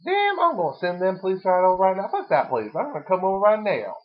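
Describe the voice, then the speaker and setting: Brief: brash female emergency operator done by a man, loud, pushy, slangy, pitched up high. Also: sing-song, fast talker. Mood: sassy. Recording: lo-fi dull recording.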